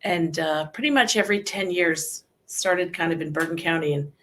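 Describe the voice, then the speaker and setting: A woman's voice: on the low side, normal speed, a bit bright. A woman from New Jersey chatting on a podcast, easygoing with a wry touch. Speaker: podcast co-host. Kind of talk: casual group chat.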